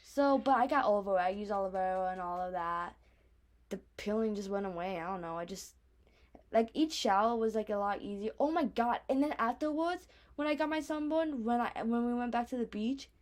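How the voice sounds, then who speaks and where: A woman's voice: a little high, a little fast. Chatty young woman with a speech impediment. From Arizona. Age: young adult. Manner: chatty, lots of "like" and restarts, acts out her own reactions. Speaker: vlogger. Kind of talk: casual personal storytelling.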